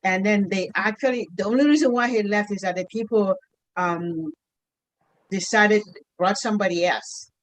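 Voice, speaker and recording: A middle-aged woman, a mother, telling a heartfelt personal story in an earnest, halting way, often restarting her sentences. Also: mid-range voice, no echo, poor audio. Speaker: mother sharing a testimony.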